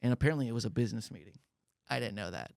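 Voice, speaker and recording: Gravelly-voiced man telling animated stories. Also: rapid-fire, dry recording, studio quality. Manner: animated, acts out quotes with big pitch jumps. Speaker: podcast co-host, comedian. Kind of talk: casual storytelling chat. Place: podcast studio.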